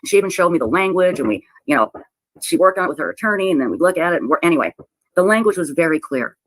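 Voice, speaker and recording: A woman telling a personal story in a halting, emotional way, often repeating herself and close to tears. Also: fairly low pitch, lively intonation, dry recording, poor audio. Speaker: website owner telling her story. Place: played clip of a livestream.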